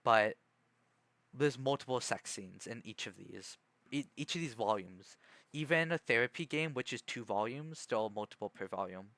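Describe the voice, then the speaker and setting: A man's voice: mid-range voice, animated, moderate pace, a bit bright, dry recording. A man streaming casually, reading a book aloud and rambling with many self-corrections.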